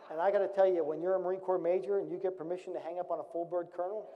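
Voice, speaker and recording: A man's voice: high-pitched, little pitch movement, very fast, noisy background. Middle-aged man telling war-room stories. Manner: wry, dry humor woven into a serious account. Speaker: retired Marine officer giving a talk. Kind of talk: anecdotal storytelling talk. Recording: dull recording with long hall reverb.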